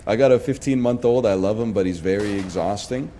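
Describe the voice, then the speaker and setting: A man chatting casually on a stream, telling long rambling stories in a lively, joking way. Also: on the low side, a little fast. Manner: rambling, animated, jokey storyteller. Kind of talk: casual storytelling chat.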